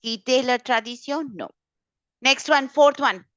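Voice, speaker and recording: Brisk lady teacher on a video call, fairly high voice, dry close sound, keeps repeating stuff and correcting. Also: fairly bright tone, no echo, muffled recording. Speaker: French teacher. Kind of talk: online exam-prep class.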